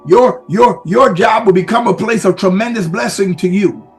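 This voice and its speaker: High-voiced man preaching emphatically. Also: moderate pace, creaky, faint music behind. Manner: emphatic, repetitive exhortations, bursts into shouts. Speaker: pastor. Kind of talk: sermon.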